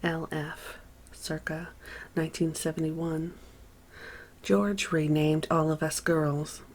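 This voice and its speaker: A woman reading a memoir aloud as an audiobook narrator, measured and unhurried, with deliberate pauses. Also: low-pitched, little pitch movement, slight background noise.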